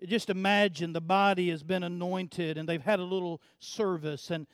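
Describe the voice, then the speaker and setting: Male pastor, sermon, high voice, unhurried, hushed lows and loud emphatic peaks, repeats words for emphasis. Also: no echo, clean studio sound. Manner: swings between hushed low passages and loud emphatic preaching; repeats words and restarts phrases while building emphasis.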